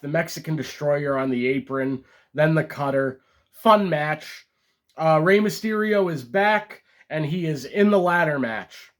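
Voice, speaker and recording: A man recapping a wrestling show in a loose, chatty way. His voice sits a little high for a man, and he keeps stopping to restart his thoughts. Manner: chatty, enthusiastic, frequent ums and restarts. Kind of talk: casual recap commentary.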